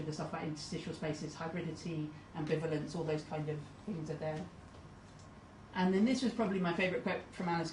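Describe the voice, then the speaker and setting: A woman gives a conference talk in a hesitant, um-filled manner, pausing to read quotes aloud. Her voice sits a little low. She is recorded from some distance in a roomy hall with a faint hiss behind her. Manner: hesitant, many ums, reads quotes aloud. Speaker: conference speaker. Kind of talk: presentation talk.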